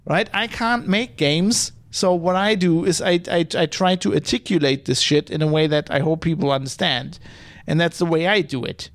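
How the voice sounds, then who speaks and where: A man with a fairly high voice, talking at an ordinary speed, hosts a podcast where he reads chat messages and rants casually. It's a meandering, foul-mouthed opinion session packed with restarts and filler.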